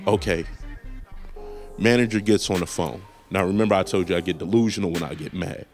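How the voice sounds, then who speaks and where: A lower-voiced man spins a comedic rant as host of his own talk show. He jumps between voices to act out both ends of a phone argument, with faint music playing behind him. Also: a little fast. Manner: animated, acts out phone calls in put-on voices. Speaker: podcast host. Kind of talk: casual comedic storytelling.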